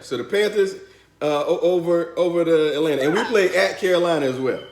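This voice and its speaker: A man hosting a family football vlog, casually making picks and trash-talking with a laugh. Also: a little high. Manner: teasing, laughing, rapid trash talk. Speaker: vlog host. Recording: echoey room with faint noise.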